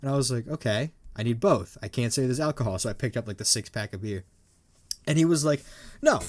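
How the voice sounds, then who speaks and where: Excitable young man, lively pitch. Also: fairly quick. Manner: excitable, laughing, full of "like" fillers. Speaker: podcast co-host. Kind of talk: casual chat.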